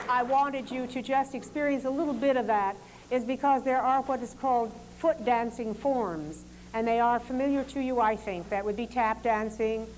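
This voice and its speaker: A woman's voice: on the high side, a little hiss or hum. Woman directing dancers through a demonstration. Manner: calm, instructive, polite commands. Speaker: dance teacher leading a demonstration.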